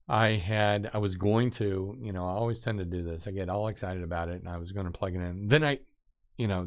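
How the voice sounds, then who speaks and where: Nasal guy streaming live, kinda low voice, rambles and restarts a lot, gets excited. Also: clear, resonant tone. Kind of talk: casual rambling chat.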